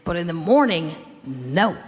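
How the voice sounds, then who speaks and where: A woman's voice: low-pitched, very animated, measured pace, a little mellow. A middle-aged woman doing stand-up comedy storytelling with a handheld stage mic, wry and mock-indignant, in a comedy club with a live audience. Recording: reverberant live club recording with noise.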